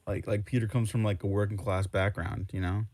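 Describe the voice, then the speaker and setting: Low-voiced man talking fast and opinionated. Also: little pitch movement, darkish tone, dry recording. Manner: opinionated, quick asides. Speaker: co-host. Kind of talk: casual comic book review chat.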